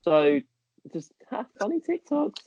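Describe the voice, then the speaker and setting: A man's voice: sits high, big pitch swings, a little slow, darkish tone, breathy edge. A man chatting casually on a podcast, jokey and tripping over his words. His voice sounds slightly muffled and dull, recorded close in a dry room with no echo. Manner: jokey, stumbles and repeats words. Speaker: podcast co-host. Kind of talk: casual chat.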